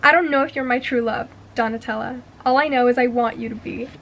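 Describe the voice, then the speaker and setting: A woman reading aloud as a brooding young male villain who confesses his love, in a quiet, earnest way. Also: a little high, fairly even intonation, brisk, slight background noise.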